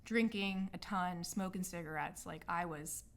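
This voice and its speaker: A woman with a slightly low-pitched voice tells a personal story in an unscripted, confessional way. She speaks loosely and reflectively, with frequent filler words, and she is openly apologetic about her past. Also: measured pace. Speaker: healing arts practitioner hosting a personal podcast. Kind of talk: candid personal storytelling monologue.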